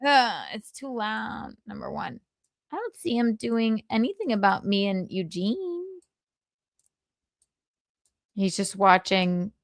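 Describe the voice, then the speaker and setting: A young woman hosts her livestream in loose, candid chat, laughing often and swearing freely. Her voice sits at an ordinary pitch for a woman, and the sound is dry and close to the mic with no room around it. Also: big pitch swings, a little slow, no room sound. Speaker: livestream host.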